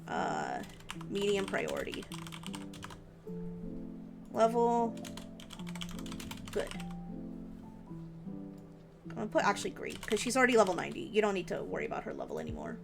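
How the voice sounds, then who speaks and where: A woman's voice: mid-range voice, gravelly. Chatty young woman streaming, music behind. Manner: chatty, thinks aloud with many fillers. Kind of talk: casual game guide commentary on a live stream. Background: background music and keyboard typing.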